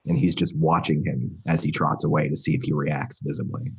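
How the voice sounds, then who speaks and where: A man playing a tabletop role-playing game, describing his character's actions in a detailed, halting way. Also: a bass voice, little pitch movement, breathy edge. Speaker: player.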